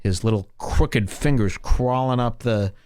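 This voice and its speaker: A middle-aged man riffs as a podcast host, with crude and mocking comedic commentary. His pitch sits in an ordinary middle range for a man. Now and then he slips into put-on voices for the people he mocks. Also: measured pace, darkish tone, no room sound, studio quality.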